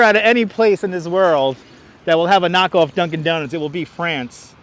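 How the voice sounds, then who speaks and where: A man's voice: on the high side, moderate pace, fairly bright tone. Chatty Brooklyn man touring outdoors. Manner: chatty, talks to viewers while walking. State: out of breath from walking uphill. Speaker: livestream tour guide. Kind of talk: walking livestream tour commentary. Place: outdoors in a city park. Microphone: wireless clip-on mic.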